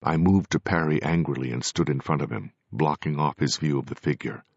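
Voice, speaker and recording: A man narrating a first-person audiobook with measured, grave storytelling. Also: a bass voice, no room sound. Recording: dry, dull lo-fi recording.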